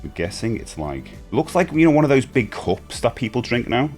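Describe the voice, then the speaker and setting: A man's voice: medium pitch, big pitch swings, moderate pace, soft background music. A man, chatting casually and enthusiastically while unboxing a collectible toy, rambling with frequent restarts. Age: 40s.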